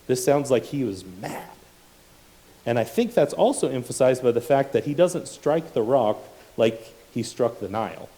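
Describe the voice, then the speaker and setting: Man, sermon, mellow tone, mid-pitched, loose conversational teaching. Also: a little slow, poor audio. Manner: unscripted asides and self-corrections while teaching from scripture. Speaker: preacher.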